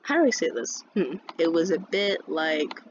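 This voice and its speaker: A woman's voice: fairly low pitch, expressive, moderate pace. A woman vlogger telling a story as a casual rant, rambling and swearing a lot, with many restarts. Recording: dull lo-fi sound with faint noise.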